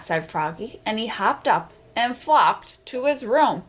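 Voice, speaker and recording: Storytime host, woman, slow and animated, higher voice. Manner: slow, expressive, sound effects. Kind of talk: children's read-aloud.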